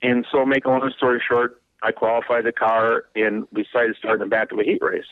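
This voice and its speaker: Gravelly, dry-sounding man in his fifties, rambling storyteller guest on a talk radio show, lo-fi sound. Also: mid-range voice, a little fast, dry recording. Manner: rambling, laughing, repeats words when excited. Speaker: race car driver guest. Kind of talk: animated storytelling in a radio interview.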